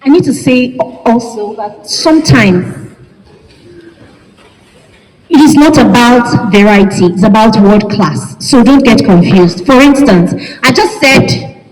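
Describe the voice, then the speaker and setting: A woman from Nigeria teaching an English class, speaking slowly and emphatically and spelling words out letter by letter. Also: on the high side, expressive. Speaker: English lecturer. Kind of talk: classroom lecture. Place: large lecture hall. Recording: echoey lecture hall, long reverb.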